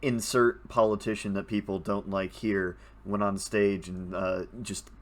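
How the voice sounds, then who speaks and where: A man's voice: fairly low pitch, little pitch movement, unhurried. A man co-hosting a podcast in casual chat, joking in a dry, offhand way. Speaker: podcast co-host.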